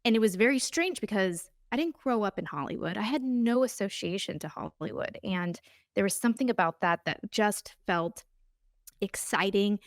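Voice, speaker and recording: A woman in her thirties talks alone into a close podcast mic, earnest and candid and ready to show her feelings. Her voice sits at an ordinary middle pitch. The room adds no echo, so the sound is dry and close. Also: lively intonation, moderate pace. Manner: earnest, candid, openly emotional storytelling. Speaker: podcast host. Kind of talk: solo podcast monologue.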